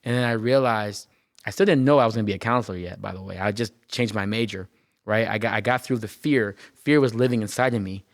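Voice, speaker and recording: A man's voice: fairly low pitch, fast talker, no echo, clean studio sound. A man, a therapist hosting a podcast, telling his own story in an earnest, reflective way, often repeating phrases and checking in with "right?". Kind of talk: personal reflective podcast monologue.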